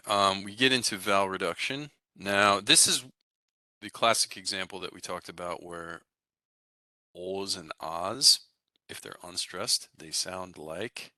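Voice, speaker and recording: A man teaching a Russian language class in a relaxed, explanatory way, often checking in with "right?" and "okay?". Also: low-pitched, no echo. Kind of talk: recorded classroom lecture.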